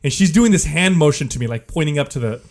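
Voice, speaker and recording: A man's voice: a little high, expressive, quick pace. A man on a podcast telling a long embarrassing story in a casual, profane way, often laughing as he goes. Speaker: podcast co-host.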